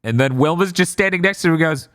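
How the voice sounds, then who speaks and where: A man co-hosting a casual podcast, recapping an episode with sardonic asides and quick put-on character lines. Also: a little high, a bit bright, smooth, dry recording, studio quality.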